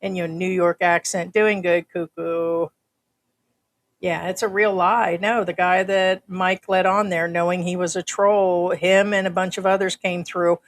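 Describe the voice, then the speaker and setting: Older american lady chatting on her livestream, lowish voice, greets folks in chat. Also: flat delivery, moderate pace, hardly any pauses. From United States. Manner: chatty, reads out viewer comments. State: uses a breathing machine. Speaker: livestream host.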